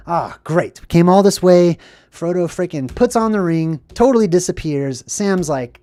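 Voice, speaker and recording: A livestream host retelling a film to live chat in a casual, upbeat way, often asking 'right?' and slipping into quick acted quotes. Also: medium pitch, animated, warm tone, dry recording.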